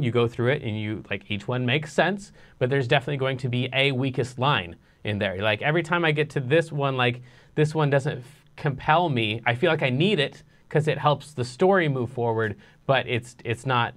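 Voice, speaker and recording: A man teaching a casual songwriting lesson, explaining in a relaxed way with lots of fillers. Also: mid-range voice.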